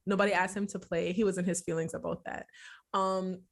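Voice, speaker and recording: Woman podcast co-host, mom telling stories, acts out quotes, quick to laugh. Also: fairly low pitch, level tone. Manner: reflective storyteller who acts out quotes and laughs easily. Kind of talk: casual chat.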